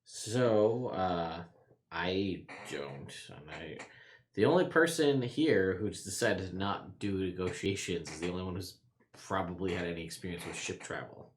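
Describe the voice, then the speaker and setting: A man playing a tabletop game, relaxed and thinking aloud. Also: deep voice, unhurried, a little hiss or hum. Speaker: player. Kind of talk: casual tabletop play.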